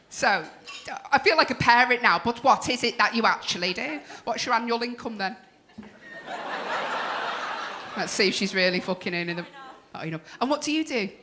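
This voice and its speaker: A woman's voice: fairly high pitch, lively intonation, normal speed, long pauses, noisy background. A woman hosting a comedy club night, teasing the crowd in brash, sweary banter. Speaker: stand-up comedy compere. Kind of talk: stand-up crowd work.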